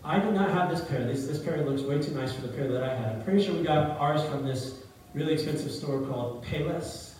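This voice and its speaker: A middle-aged male pastor preaches a sermon in a church hall, telling a story and often putting questions to his congregation. His voice is on the high side with a darkish tone, and there's slight background noise. The very echoey hall is captured from a distance.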